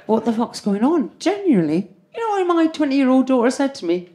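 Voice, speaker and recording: A woman in her fifties does stand-up in a comedy club, brash and foul-mouthed as she chats with the crowd. Her pitch leaps around with lively swings. Laughter from the audience carries under her. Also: fairly quick, hardly any pauses. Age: 50s. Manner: brash, sweary and conversational with the crowd.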